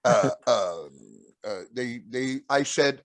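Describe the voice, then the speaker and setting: A man telling stories as a guest in casual talk, rambling and acting out quotes in a raised voice, often clearing his throat. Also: medium pitch, animated, moderate pace, no echo. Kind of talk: casual storytelling.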